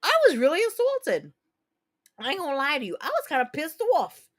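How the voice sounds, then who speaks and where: Chatty, profane woman in her thirties, slightly high. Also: huge pitch swings, brisk. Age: 30s. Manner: candid, profane, chatty storyteller. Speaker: livestream host. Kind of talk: casual chat reading viewer comments.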